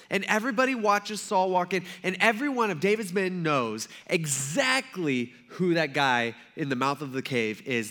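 A man's voice: a little high, bright, forceful tone. A man preaching a sermon as a pastor, telling the story casually and acting out the voices of the people in it. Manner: casual, conversational with fillers.

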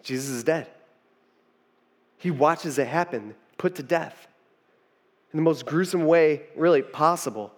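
Speaking at a measured pace with frequent pauses, a high-voiced male pastor gives a loose, informal sermon. He keeps restarting and tossing in "you know" asides, and a long reverb tail trails his words.

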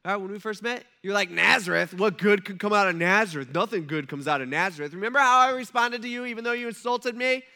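A man's voice: extremely high pitch, steady tone, quick pace, hardly any pauses, bright, forceful tone, smooth, voice pushed up, heavily acted. A man voicing Jesus as a patient, earnest teacher speaking to his followers, in his own everyday preaching voice.

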